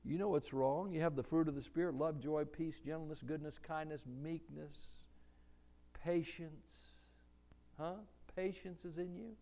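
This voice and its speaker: Slow-talking male preacher. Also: a little high, fairly even intonation, mellow. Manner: slow, conversational preaching with audience questions. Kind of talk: sermon. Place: church sanctuary with congregation.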